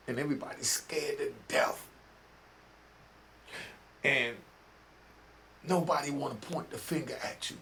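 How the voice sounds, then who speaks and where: A man's voice: fairly high pitch, measured pace, pauses often, sharp tone, a little hiss or hum. An older man from New York giving casual commentary, talking in preachy street slang and often asking "you know what I mean?". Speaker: vlogger.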